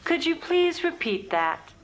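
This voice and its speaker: A woman with an American accent voicing a calm, politely unhelpful automated elevator. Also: very high voice, unhurried, background noise, heavily acted.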